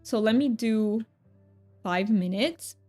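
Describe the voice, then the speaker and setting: A woman's voice: on the high side, slow, dark tone, soft background music. A woman from Romania, streaming a game and chatting with her viewers in a bubbly, giggly way. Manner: bubbly and giggly, with frequent laughs and restarts. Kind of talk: casual live-stream chat, reading chat aloud.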